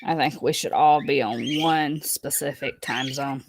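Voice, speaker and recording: A woman's voice: extremely low pitch, fairly even intonation, unhurried, background noise. A woman with a Southern Alabama accent, hosting a livestream and chatting casually as she reads viewer comments, playful and laughing at herself. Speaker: livestream host.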